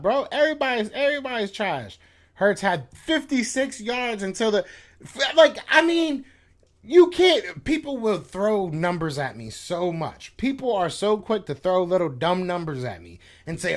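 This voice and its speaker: A man's voice: on the high side, fairly bright tone. A man hosting a sports podcast live stream, venting in a frustrated, slangy, repetitive casual rant. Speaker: podcast host reacting to chat.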